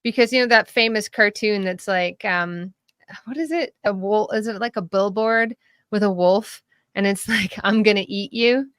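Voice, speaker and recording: A woman talking casually about politics as a podcast guest, animated and laughing often, with frequent restarts. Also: mid-range voice, moderate pace, clean tone, dry recording, studio quality.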